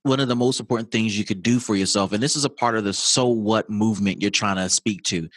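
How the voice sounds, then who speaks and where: Low-voiced man hosting a podcast. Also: a bit bright, dry recording. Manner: measured, sums up the guest's points. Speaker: podcast host. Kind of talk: reflective interview talk.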